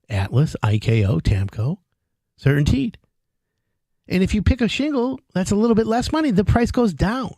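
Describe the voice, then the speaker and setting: Animated roofing salesman, gravelly voice. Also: fairly high pitch, no room sound, clean studio sound. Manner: animated, folksy salesman talk with acted-out dialogue. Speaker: roofing company owner. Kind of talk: direct-to-camera sales pitch.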